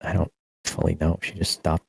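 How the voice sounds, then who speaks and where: A man on a recorded voice call, talking quietly and hesitantly in a mumble, with his mic cutting out. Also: low voice, little pitch movement, normal speed, gravelly, breathy edge, no room sound, rough recording. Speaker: streamer on a call. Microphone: voice-call microphone cutting out.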